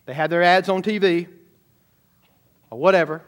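A man preaching a sermon as pastor, animated and talking straight to the congregation. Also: high voice, moderate pace. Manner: animated preaching, sudden shouts and asides to the congregation.

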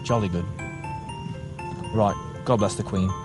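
A man's voice: on the low side, fairly even intonation, music in the background, lightly acted. A man putting on a theatrical mock British accent as a posh tea-drinking gent. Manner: slow, drawn-out and theatrical. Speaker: football player.

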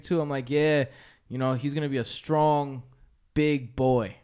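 Man New storyteller, lively and a bit high, for a casual friend-group podcast. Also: normal speed, smooth. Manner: animated storyteller, acts out quotes. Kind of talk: casual chat among friends.

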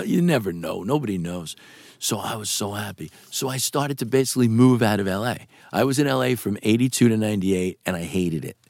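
A man in his sixties from New with a gravelly voice, animatedly telling stories in a casual interview. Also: no room sound. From New York. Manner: animated, swings pitch for quoted voices. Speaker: actor guest.

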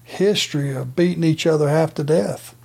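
Older man with a gravelly, husky voice. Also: fairly high pitch, normal speed. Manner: relaxed storytelling with many fillers. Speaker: co-host, retired wrestler. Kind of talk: casual podcast chat.

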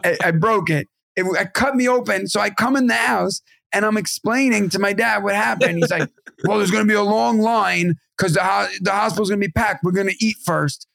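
A man in his thirties co-hosting a podcast, telling animated, profane family stories in casual chat. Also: high voice, brisk, gravelly, no room sound, studio quality. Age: 30s. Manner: animated, swearing, acts out family voices. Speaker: podcast co-host.

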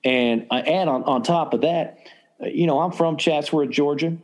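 A man's voice: on the high side, normal speed, natural voice. A man voicing a boastful Southern college football coach at a mock press conference, with a put-on Southern accent and brash, self-promoting talk.

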